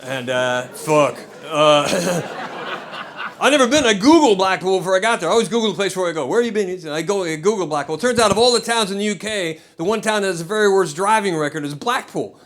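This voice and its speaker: A middle-aged American man tells a stand-up story from a comedy club stage. His voice sits high for a man, and he rambles and restarts on his way to the punchline. His delivery is blunt and unfiltered. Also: lively intonation, a little fast, fairly bright tone. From United States. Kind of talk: stand-up set.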